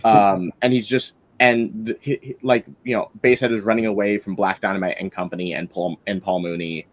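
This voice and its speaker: A male podcast host with a fairly low voice, chatting casually about films. He rambles with enthusiasm, circling back with fillers and restarts as he works through his points. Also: steady tone, a little fast. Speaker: podcast host reviewing a film. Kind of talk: casual film-review chat.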